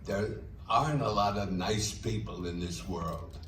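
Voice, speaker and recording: A man's voice: on the low side, unhurried, fairly bright tone. A man doing brash, profane stand-up at a roast. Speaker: comedian. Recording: echoey room, distant mic, noise.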